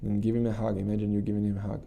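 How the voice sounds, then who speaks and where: Male coach, dark mellow voice, gravelly, earnest guided-meditation talk. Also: on the low side, completely flat delivery. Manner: earnest, repetitive, halting restarts. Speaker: channel host and coach.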